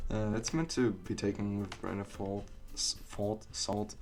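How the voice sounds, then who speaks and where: A young man giving rambling, casual commentary on a game he is playing, swearing freely and laughing at his own jokes. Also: on the low side. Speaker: let's play gamer.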